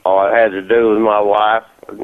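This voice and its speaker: Older man, gravelly, plain-spoken, polite, tinny phone line. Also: on the low side, level tone, normal speed. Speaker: caller. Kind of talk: phone call chat.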